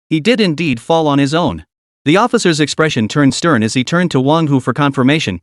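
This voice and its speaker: Expressive male storyteller. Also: fairly high pitch, fairly quick, no echo, clean studio sound. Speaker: narrator. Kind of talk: scripted comic-story narration.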